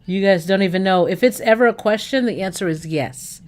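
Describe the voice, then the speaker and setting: A woman's voice: mid-range voice, brisk, darkish tone. A woman from the United States hosting a livestream, chatting casually with viewers, enthusiastic and gushing about food, rambling with fillers and self-corrections. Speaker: livestream host.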